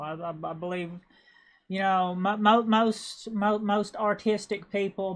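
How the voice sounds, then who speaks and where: Rambling Appalachian woman streamer. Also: fairly low pitch. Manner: rambling, stammering, repeats words. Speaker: game streamer. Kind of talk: casual livestream chat.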